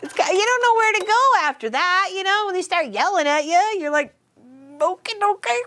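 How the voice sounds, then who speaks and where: A woman's voice: very high-pitched, animated, fairly quick, sharp tone. A woman in casual chat with her viewers, telling stories, laughing often and teasing people by name. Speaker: streamer chatting with viewers.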